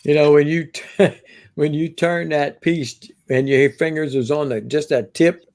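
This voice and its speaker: Chatty man on a call, slightly high. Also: steady tone, measured pace, darkish tone. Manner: chatty, laughs often, rambling. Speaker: co-host on video call. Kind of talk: casual livestream chat. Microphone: video call.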